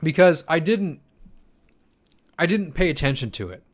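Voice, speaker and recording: A crypto channel host in his twenties sounds animated, with a voice on the high side at a normal speed, though he's tired from sleeping poorly. During a casual live-stream Q&A he answers chat in loose, chatty speech full of fillers and stumbling restarts.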